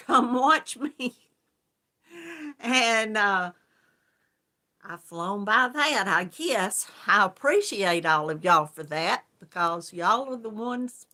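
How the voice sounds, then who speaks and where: A woman's voice: mid-range voice, pushed and bright. A woman hosting a crochet livestream, chatting casually and greeting viewers by name in a homey way.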